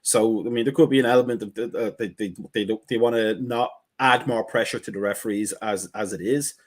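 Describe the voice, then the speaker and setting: A man co-hosting a casual football chat, talking in a measured, wry way and thinking aloud. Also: fairly low pitch. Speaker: co-host.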